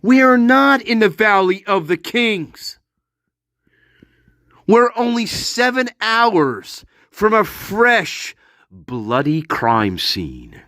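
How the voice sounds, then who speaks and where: A man with a high voice rants angrily. He swears and mocks as he goes. His delivery is slow and deliberate, and pitch swings widely, with bursts of shouting, heard dry and close. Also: sing-song, no echo. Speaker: online commentator. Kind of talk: ranting commentary.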